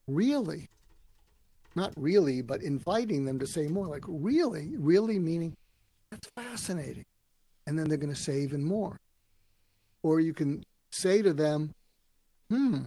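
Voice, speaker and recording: A man telling stories in an interview, acting out quoted lines with lively voices. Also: on the high side, no room sound. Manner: animated storyteller acting out quotes. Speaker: guest, author and speaker. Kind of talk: storytelling interview answers.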